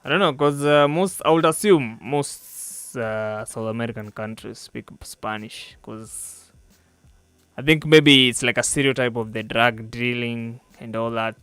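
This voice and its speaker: Young Kenyan man, smooth dry voice. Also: mid-range voice, measured pace, fairly bright tone, no echo. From East Africa. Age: young adult. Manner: laughs often, joking and rambling. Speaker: podcast host. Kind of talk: casual podcast chat.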